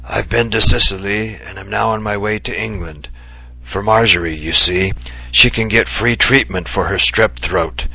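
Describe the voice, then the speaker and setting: A man's voice: lowish voice, moderate pace, vocal fry, pushed and bright, husky, heavily acted. A man doing an impish, ailing old writer. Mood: musing. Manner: mock-serious, mischievous, coughing bouts. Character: impish ailing older male writer, theatrical.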